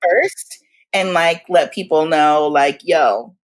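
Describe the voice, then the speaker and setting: A woman in her forties telling stories in casual chat as a guest, animated and laughing often, acting out the voices of people she quotes. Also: low-pitched, takes it slowly. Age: 40s. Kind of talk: casual storytelling.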